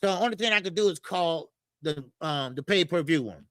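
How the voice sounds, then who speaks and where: A man hosting a live boxing talk stream, ranting in a profane, animated way and often repeating himself. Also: on the high side, a little fast, no room sound. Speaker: boxing show host.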